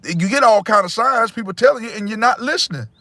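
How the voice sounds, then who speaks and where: Guy on a live, preachy and blunt, kinda high voice, dry close sound. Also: animated, fast, bright, forceful tone, no echo. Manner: preachy, blunt, repeats himself, addresses viewers as y'all. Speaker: livestream host. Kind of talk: casual livestream talk to viewers.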